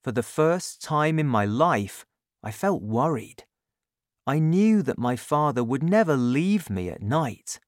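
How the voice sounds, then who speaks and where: Storybook narrator, very slow, expressive melody, dry close-miked sound. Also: medium pitch, dry recording. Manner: slow, clear, deliberate reading. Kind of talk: audiobook narration.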